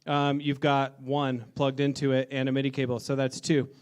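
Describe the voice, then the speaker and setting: A man's voice: medium pitch, completely flat delivery, normal speed, clean tone. A man hosting a live music night at a bar, interviewing a performer in a loose, upbeat way and swearing freely. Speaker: event host. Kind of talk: casual onstage interview.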